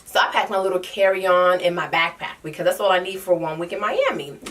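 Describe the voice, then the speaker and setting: A woman's voice: on the low side, expressive, fairly quick, a bit bright. Sassy young woman telling a story, mic a bit distant. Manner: sassy, dramatic, slangy storyteller. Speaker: vlogger. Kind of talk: casual storytime vlog.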